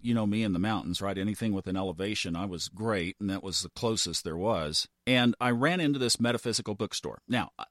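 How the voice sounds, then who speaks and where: A man in his fifties hosting a podcast, telling a personal story in an earnest way that builds to animated emphasis. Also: lowish voice, dry recording, studio quality. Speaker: podcast host.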